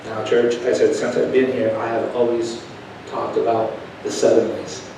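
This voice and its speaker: Male preacher, folksy storytelling sermon, swings from quiet asides to loud emphasis, mid-pitched voice, heard from a distance. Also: flat delivery, normal speed, noisy background. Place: church sanctuary. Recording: echoey church room heard from a distance.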